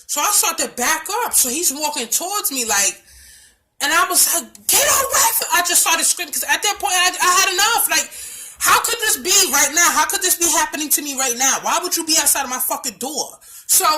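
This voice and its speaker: A woman with a Bronx New York accent telling a personal story in a casual vlog, blunt and emphatic, with lots of swearing, swinging from hushed to loud. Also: high-pitched. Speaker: storytime vlogger.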